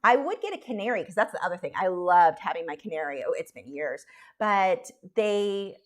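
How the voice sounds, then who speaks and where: A woman's voice: fairly low pitch, expressive, moderate pace. A woman artist chatting casually on a live stream while she draws, rambling and self-deprecating.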